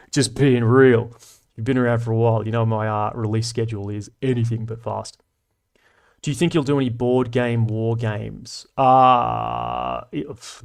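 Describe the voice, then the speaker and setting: Aussie bloke in his 30s doing a relaxed live stream, slangy, swears a bit, middle pitch. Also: creaky. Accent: Australian. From Australia. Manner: laid-back, chatty, slangy with frequent swearing. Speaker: livestream host. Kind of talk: casual livestream chat.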